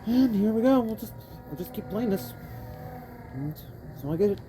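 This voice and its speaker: Speaking at normal speed in an expressive mid-range voice, a young woman gives let's play commentary on a racing game. She's frustrated and rambling, swearing a lot and often breaking off mid-sentence, while faint game music plays.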